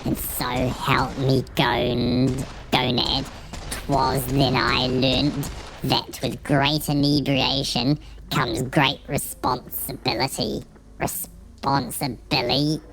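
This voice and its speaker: A man performs a gravelly old village drunk, rambling in a slow, folksy drawl full of rustic turns of phrase. He pitches the voice above his own and crawls along sluggishly, keeping a level, somewhat bright tone on a low-quality recording.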